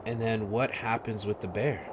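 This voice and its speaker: A man narrating a tabletop game as game master, halting with many fillers. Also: lowish voice, steady tone. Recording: noisy stream audio.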